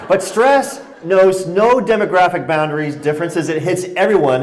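A man's voice: on the high side, normal speed, hardly any pauses, a crowd in the background. Joking man lecturing in an echoey hall. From Connecticut, USA. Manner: joking, animated storytelling with audience laughter. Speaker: speaker giving a talk on stress. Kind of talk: humorous public lecture.

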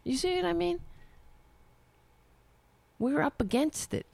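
A woman's voice: high voice, expressive, slow, vocal fry, darkish tone, dry recording. A woman hosting a live stream, reading a letter aloud and breaking off into heated, profane rants. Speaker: livestream host.

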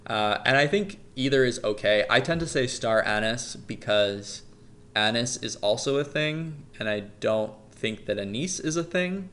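A man's voice: medium pitch, animated, moderate pace, few pauses, fairly bright tone. Upbeat male podcast host. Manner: upbeat, jokey, explains facts loosely with fillers. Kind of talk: casual podcast chat.

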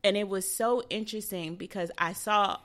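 A woman's voice: medium pitch, moderate pace. A young woman co-hosting a podcast, telling a personal story in casual chat and acting out the people she quotes. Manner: animated, acts out quoted dialogue. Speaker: podcast co-host.

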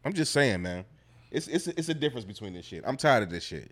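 A man's voice: mid-range voice, very animated, fast talker, a bit bright. A man co-hosting a podcast, ranting bluntly in a casual, fired-up way and repeating his points. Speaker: podcast co-host. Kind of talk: heated casual podcast rant.

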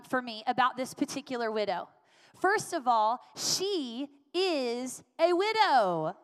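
A woman pastor delivers her sermon earnestly, hammering home her points by repeating them. Her voice sits a little high. The sound carries a long reverb from a church sanctuary. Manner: earnest, repetitive emphatic preaching.

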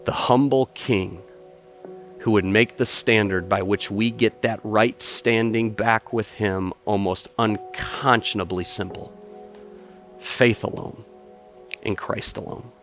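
A pastor preaching a Christmas sermon, telling a story with playful character voices and ending in a quiet, earnest prayer. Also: male voice, deep voice.

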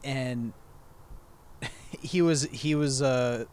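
A man's voice: medium pitch, very slow, darkish tone, slight background noise. Man, casual co-host, easygoing storyteller, swears, laughs a lot. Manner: laid-back, profane, laughs often.

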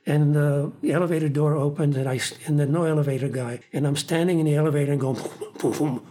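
A man's voice: a little high, quick pace. An older man, a theater producer, telling anecdotes in an interview and acting out the lines of the people in them. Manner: animated, acts out other people's lines. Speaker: theater producer recounting his career.

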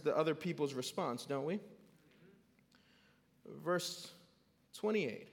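A male pastor delivers a sermon at an unhurried pace, telling a story and putting questions to his congregation. His voice sits slightly high and rings through a large hall with a long reverb.

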